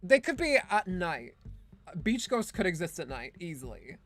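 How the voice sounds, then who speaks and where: A woman's voice: on the low side, big pitch swings, normal speed, faint music behind. A woman streaming a video game, giving casual, sarcastic commentary that rambles with lots of "like" and "um". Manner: sarcastic, rambling, full of fillers like "like" and "um".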